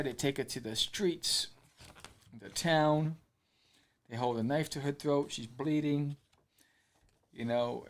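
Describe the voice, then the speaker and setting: A man hosting a podcast, casually retelling and reviewing a comic with lots of fillers and acted-out lines. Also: mid-range voice. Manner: animated storyteller, acts out character lines, many fillers.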